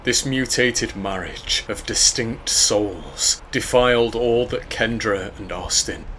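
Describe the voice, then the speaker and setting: A man reading a scripted horror story in a measured, grave way. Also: lowish voice, expressive, fairly bright tone, a little hiss or hum. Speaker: narrator.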